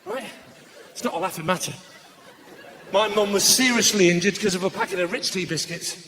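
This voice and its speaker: High-voiced cheeky stand-up man. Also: a little hiss or hum. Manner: brisk, cheeky, bursts into shouted punchlines. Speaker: stand-up comedian. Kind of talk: live stand-up comedy. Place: live comedy stage before an audience.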